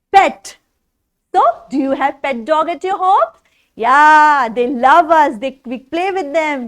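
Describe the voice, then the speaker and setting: A woman teaching phonics to young children, spelling words out letter by letter in a sing-song way and asking the child questions, with an Indian English accent. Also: sits high. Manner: asks the listening child questions.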